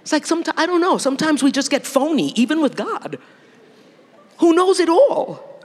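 A middle-aged woman delivers a sermon with a very lively pitch that rises and falls as she speaks. She talks playfully and laughs often. Her voice carries a long reverb from a large hall. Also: normal speed. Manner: animated, laughing, playful asides.

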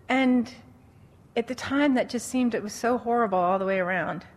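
A woman giving a conversational Christian teaching talk on dating, telling stories with animated quoted voices and frequent laughter. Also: fairly high pitch, moderate pace. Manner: animated storytelling, acting out quotes, laughs often.

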